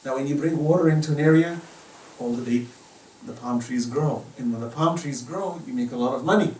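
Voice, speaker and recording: A man's voice: mid-range voice, brisk, darkish tone, slight background noise. Impassioned middle-aged man lecturing, distant roomy sound. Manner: impassioned, builds to emphatic rising questions. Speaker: religious lecturer. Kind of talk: religious lecture. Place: private home. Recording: roomy echo, distant from the mic.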